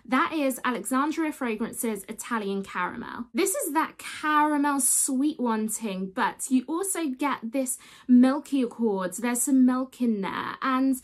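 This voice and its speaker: A woman's voice: sits high, expressive, measured pace. A young woman in her twenties chatting to her viewers in a gushing, casual vlog review of perfumes.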